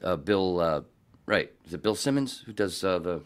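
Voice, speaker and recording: A man's voice: deep voice, lively intonation, normal speed, smooth. A man hosting a podcast, talking casually and bluntly with plenty of swearing, rambling through his thoughts. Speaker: podcast host.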